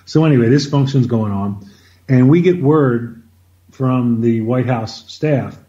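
A man as an interview guest, telling an anecdote in an animated conversational way, often repeating words as he starts a sentence. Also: medium pitch, a little slow, lo-fi sound. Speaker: interview guest, former White House officer. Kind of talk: conversational storytelling.

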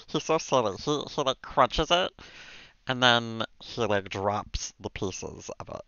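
A man's voice: medium pitch, animated, slow pace, long pauses, sharp tone, clear, resonant tone, no echo, full character voice. A man voicing a mischievous small male alien creature while cooing at a cat. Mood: playful. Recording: dull dry sound.

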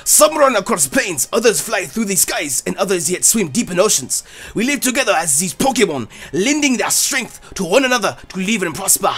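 Man doing a flamboyant game professor with a hammy fake accent, high and lively. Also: racing, creaky, hardly any pauses, faint music behind, full character voice. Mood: grandly welcoming. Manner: mock foreign accent, theatrical reading. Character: flamboyant male Pokémon professor, cheerful.

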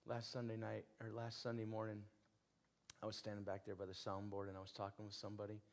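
A man's voice: fairly low pitch, completely flat delivery, fast. A man preaching a sermon in an earnest, conversational storytelling way, repeating phrases for emphasis. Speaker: pastor.

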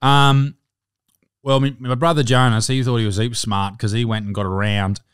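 A man's voice: mid-range voice, flat delivery, normal speed, clear, resonant tone, no echo, studio quality. Sweary Australian man ranting on a podcast. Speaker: podcast host. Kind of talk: casual podcast banter.

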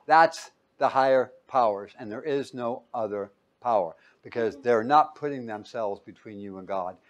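A man preaching a Bible-teaching sermon, reading verses loudly and pausing for his listeners to call out the missing word. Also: mid-range voice. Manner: quizzing listeners with fill-in-the-blank questions; emphatic, loud when reading scripture aloud.

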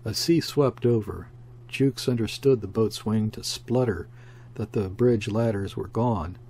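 Man reading a sea story audiobook, kinda husky, low and mellow, calm steady pace. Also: a little slow. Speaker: audiobook narrator. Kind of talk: scripted audiobook narration.

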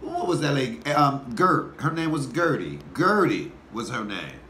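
A man, telling a personal story in a folksy, animated way while talking to his viewers. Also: mid-range voice, unhurried. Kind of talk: casual storytelling mukbang. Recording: echoey room with faint background noise.

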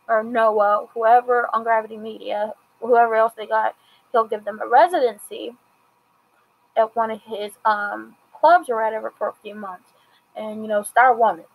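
A talkative woman with a slightly high voice and some vocal fry recaps and comments on a TV episode, staying loose and conversational. She acts out snippets of dialogue while retelling scenes, and the audio quality is poor.

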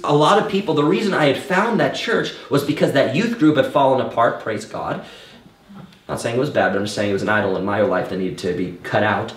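A man preaching a sermon, telling his own story in an animated way and acting out the thoughts he had back then. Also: mid-range voice. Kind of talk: sermon with personal testimony. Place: church hall. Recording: echoey room, mic at a distance.

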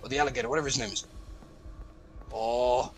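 A man hosting a let's play, reacting loudly and profanely, yelling at the game as he plays. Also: medium pitch, fairly quick, slightly rough, soft background music. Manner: excitable, profane, shouts at the game. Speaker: gaming channel host.

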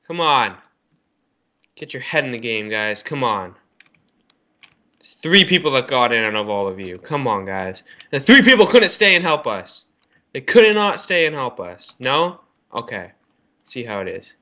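Excitable young man raging at a game. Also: mid-range voice, measured pace. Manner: excitable, swearing, rages and shouts at other players. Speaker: gaming YouTuber. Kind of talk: gameplay commentary. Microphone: headphones on, desk mic.

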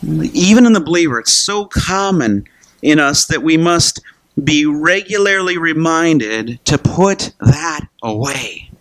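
A man's voice: a little high, animated, slow, fairly bright tone, no echo. A man pastor preaching a sermon in a casual conversational way, asking rhetorical questions and acting out Bible characters. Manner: acts out Bible characters in quoted voices.

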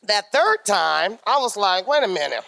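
A woman's voice: mid-range voice, sing-song, gravelly, a bit bright. A woman telling her personal faith story in a candid, emotional way, acting out what she said and prayed back then. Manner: emotional, acts out her own past words, quick bursts. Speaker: guest, sister-in-law. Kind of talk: personal testimony.

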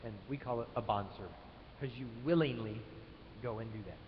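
Guy preaching, loud then quiet, echoey hall, bit muffled. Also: mid-range voice, fairly quick, a little hiss or hum. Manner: dynamic, swings from loud emphatic to quiet. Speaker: pastor. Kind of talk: sermon. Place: church sanctuary. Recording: echoey church hall, dull live stream.

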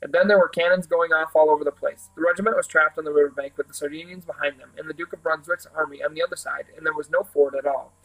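A man's voice: fairly high pitch, quick pace, few pauses, poor audio. Man reading a storybook aloud. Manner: steady, animated storytelling with small restarts. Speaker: reader.

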